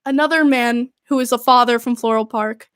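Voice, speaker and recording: High-voiced young woman, dry close sound. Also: moderate pace, smooth, no echo. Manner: animated, exasperated storytelling full of "like". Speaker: podcast host. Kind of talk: casual recounting.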